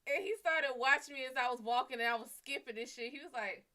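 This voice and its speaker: A woman's voice: sits high, fast talker, bright, forceful tone. A woman hosting a livestream, telling a casual story in a chatty, profane way and talking to her viewers. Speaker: livestream host.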